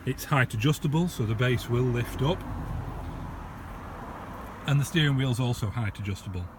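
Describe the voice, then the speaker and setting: Speaking from inside a parked car, a man with a British accent describes the vehicle he's privately selling in a relaxed, filler-heavy way, peppered with casual asides. His mid-range voice is expressive and moderately paced, with noise in the background.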